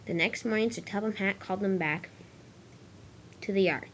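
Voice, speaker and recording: A woman's voice: mid-range voice, normal speed, a little hiss or hum. A woman narrating a storybook-style toy train adventure, reading steadily with small restarts.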